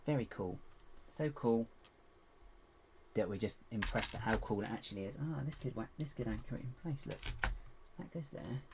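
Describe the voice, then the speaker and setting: A chatty man talks his way through a building session on a live stream, muttering half to himself and dropping self-mocking asides. His voice sits at an ordinary middle pitch. A steady hiss and the clatter of a keyboard run under him. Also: normal speed, pauses often. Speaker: livestream host building toy bricks. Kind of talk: casual live-stream commentary while building.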